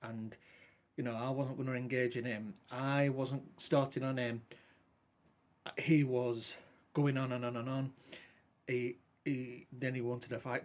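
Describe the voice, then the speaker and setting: A man tells a meandering story to the camera in a loose, chatty way. He keeps quoting the exchanges word for word with "I says" and "he says". His voice sits at an ordinary middle pitch. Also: little pitch movement, unhurried, pauses often, a little mellow. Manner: rambling, colloquial, repeats quoted dialogue with "I says". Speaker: vlogger. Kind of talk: casual storytelling monologue.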